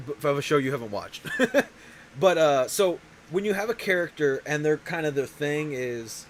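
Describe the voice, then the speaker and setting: A man's voice: on the high side, animated, moderate pace, slight background noise, low-quality recording. A man hosting a show, talking in a casual, rambling way, often restarting his sentences. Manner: rambling, self-interrupting. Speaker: show host. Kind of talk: casual chat.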